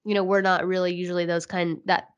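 Woman podcast co-host, lowish voice, casual chat, earnest, repeats herself. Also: flat delivery, fast, clean tone, muffled recording.

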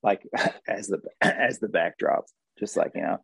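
A man's voice: lowish voice, a little slow, creaky, a bit bright, breathy edge, dry recording. Rambling wry man with Jersey accent. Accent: New Jersey. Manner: rambling, wry, full of fillers. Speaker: guest, actor and crew member. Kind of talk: casual interview chat.

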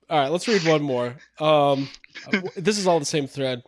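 A man's voice: on the high side, moderate pace. A man co-hosting a casual podcast, laughing as he reads online comments aloud in a mocking tone. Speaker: podcast co-host.

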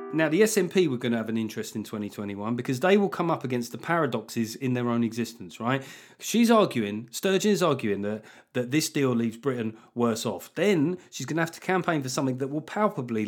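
A male comedian riffing on his podcast in a sardonic, sweary, animated monologue. His voice sits in an average pitch, and he laughs at his own jokes as he goes.

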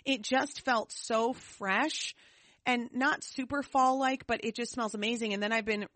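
A woman co-hosting a podcast, telling stories in a lively, casual way. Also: on the high side, measured pace, no echo. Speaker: podcast co-host. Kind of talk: casual chat.

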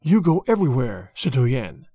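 A man voicing a sly, insinuating male French spy who speaks slowly and low in a storybook reading. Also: very animated, dark tone, no echo.

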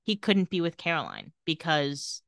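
A woman's voice: low voice, normal speed, dry recording, studio quality. A woman co-hosting a podcast, casually recapping a TV episode and acting out the characters' lines. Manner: animated retelling, acting out quoted lines. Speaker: podcast co-host.

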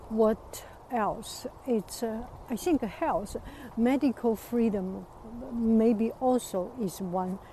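A woman from China with a Chinese accent, chatting casually on a walk outdoors, hesitant with many pauses and fillers. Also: medium pitch, dark tone, a little hiss or hum, low-quality recording. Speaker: vlogger. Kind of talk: casual walking chat.

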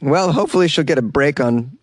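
A man's voice: fairly high pitch, expressive, a little fast, no room sound, clean studio sound. Sarcastic American man riffing on news. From United States. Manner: sarcastic, laughs often, reads out news and riffs on it. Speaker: news commentary host. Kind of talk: casual news commentary.

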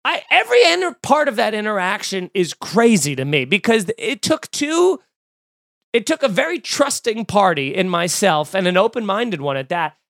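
A man telling a comic story in a casual, animated and exasperated way, full of fillers and restarts. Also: high-pitched, moderate pace, no room sound, studio quality.

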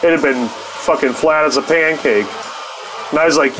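A man's voice: on the high side, moderate pace, a bit bright, a little hiss or hum. A man telling a rambling, profane personal story in a casual way, often laughing between lines.

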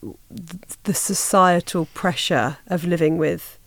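A woman hosting a podcast interview, encouraging and warm with her guest and laughing along. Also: lowish voice, slow, vocal fry, no room sound. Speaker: podcast host. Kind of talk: conversational interview.

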